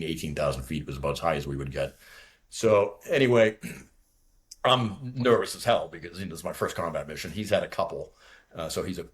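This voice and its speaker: A man in his sixties from near Boston recounts a combat mission in loose, profane podcast talk. His voice sits very low and has a husky grain, and he rambles on from one detail to the next. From from near Boston, USA. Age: 60s. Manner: rambling, profane, talks fast when nervous. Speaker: guest, retired fighter pilot. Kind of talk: casual war story telling.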